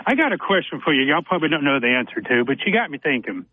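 A man's voice: fairly high pitch, big pitch swings, quick pace, no echo. A man calling in to a sports radio show, chatty and joking as he sets up his question. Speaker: radio caller. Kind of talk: call-in sports talk. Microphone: telephone. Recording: dull lo-fi phone line.

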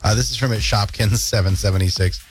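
A Canadian morning radio host with a fairly low voice talks quickly, trading jokes and laughs as he tells stories in casual studio banter. Faint music plays behind his animated, jokey delivery.

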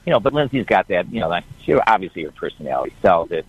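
A man's voice: deep voice, very animated, very fast, few pauses, breathy edge, no echo, lo-fi sound. An older man calling in to a radio show, telling a rambling family story with chuckles. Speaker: caller, guest's father. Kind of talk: phone-in storytelling.

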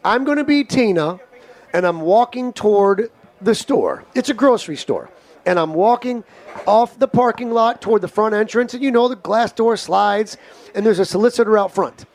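A man's voice: sits high, lively intonation, moderate pace, darkish tone. A man hosting a casual comedy chat show, brash and joking as he acts out scenarios. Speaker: host.

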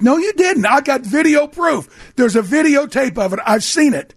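Older male ex-player co-host, husky high voice, dry studio mic, animated storyteller. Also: moderate pace, no room sound. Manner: animated storyteller, acts out quoted voices, restarts often. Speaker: radio co-host and former pro football player. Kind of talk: casual sports radio storytelling. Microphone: studio microphone.

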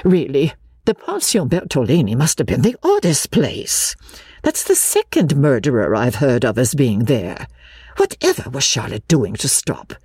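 A woman's voice: a bass voice, very animated, measured pace, darkish tone, husky, dry recording, clean studio sound, full character voice. A woman voicing a bustling, scatterbrained middle-aged mother in an audiobook. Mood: fussy. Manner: fussy, exclamatory.

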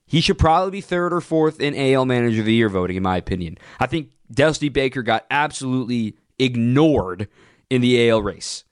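A man hosting a sports radio show, ranting with opinionated, punchy emphasis and sudden jumps in pitch. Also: expressive, a little fast, clean tone, no room sound, clean studio sound.

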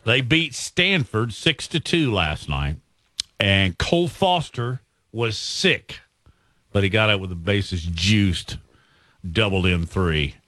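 A man's voice: on the low side, animated, slow, bright, forceful tone, no echo, studio quality. A male radio host reminiscing on air in a casual, storytelling way, chuckling and drawing out his punchlines.

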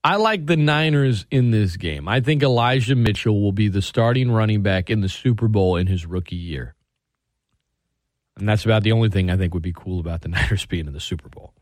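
A man hosting a sports radio show, talking in an animated, sarcastic way and swinging his pitch for emphasis. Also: fairly quick, no room sound, studio quality. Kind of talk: opinionated sports talk.

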